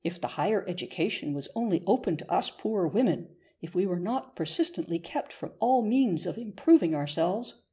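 A woman's voice: fairly low pitch, animated, normal speed, warm tone, slightly rough. A woman reading aloud, voicing a playful young woman who teases and mimics others in a storybook. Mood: mocking. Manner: teasing, mock-earnest.

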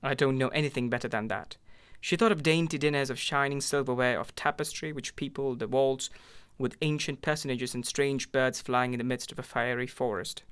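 A man narrating a classic short story aloud in a measured, expressive way. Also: medium pitch, clean tone.

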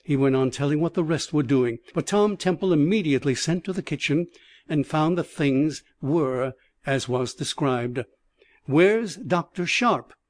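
Brief: male audiobook reader, slightly high voice, dry close recording. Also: normal speed, darkish tone, no room sound. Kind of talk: first-person audiobook narration.

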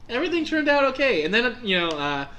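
A young man telling a story in casual chat, animated and laughing as he acts out his own reactions. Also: very high-pitched, fast, lo-fi sound.

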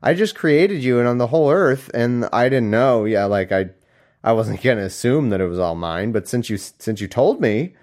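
A man putting on a high, sarcastically astonished voice for a mock God figure. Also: expressive, normal speed, darkish tone, natural voice. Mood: mock surprise. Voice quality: high-pitched, exaggeratedly surprised. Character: bewildered, sarcastic mock version of God, male.

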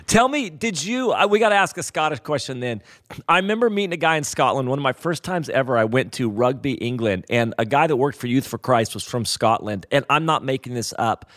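An American man hosting a podcast, asking rambling questions and laughing often in an animated, casual way. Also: mid-range voice, fairly quick. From United States. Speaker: podcast host.

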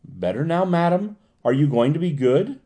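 A man's voice: a little high, sing-song, normal speed, warm tone, pitched above the performer's own voice. A man voicing a soothing female attendant.

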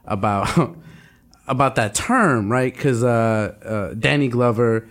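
A young man chatting loosely on a podcast, his voice jumping up when he acts out what others said. His pitch is middle-of-the-road, and his speech is full of fillers and restarts. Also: takes it slowly. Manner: animated storyteller, acts out quotes. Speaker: podcast co-host. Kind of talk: casual chat.

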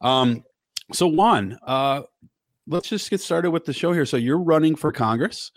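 A man's voice: a little high, lively intonation, no echo. A man hosting a podcast, joking and bantering in casual chat. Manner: jokey, playful, quick banter. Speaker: podcast host.

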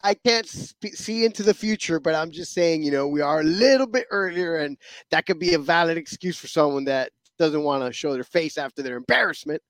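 A man co-hosting a radio show, boastful and animated, gloating over a win. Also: on the high side, brisk, dry recording. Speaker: regular co-host. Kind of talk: casual talk show banter.

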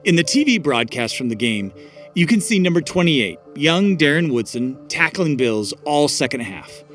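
A man hosting an interview and reading scripted narration in a measured, steady way. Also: a little high, soft background music. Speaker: host and narrator.

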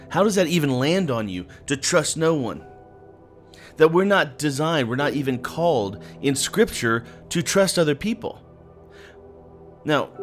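Guy giving a faith talk, earnest and chatty, mid-pitched, soft music under it. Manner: earnest, conversational, addresses the listener directly. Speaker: speaker. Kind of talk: devotional talk.

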